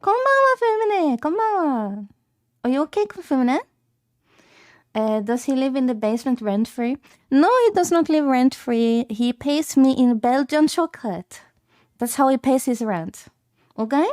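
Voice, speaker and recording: A woman's voice: high-pitched, measured pace, mellow, dry recording, clean studio sound. A woman livestreaming from home, chatting casually with her viewers in a bubbly, giggly way, repeating greetings playfully.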